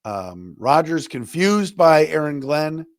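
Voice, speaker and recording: A middle-aged man hosts a sports talk podcast, airing strong opinions in a loose, conversational way and slipping into other people's quoted lines as he tells the story. His voice sits a little high for a man and is recorded close and dry, with no room sound around it. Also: very animated, slow, no room sound. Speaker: podcast host.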